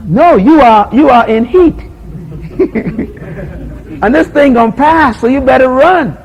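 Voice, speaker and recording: A man's voice: very high-pitched, slow pace, low-quality recording. A man preaching a sermon on love in a conversational way, acting out little scenes, chuckling often and asking his listeners questions. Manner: animated storytelling, acts out scenes and quotes; chuckles often while making points.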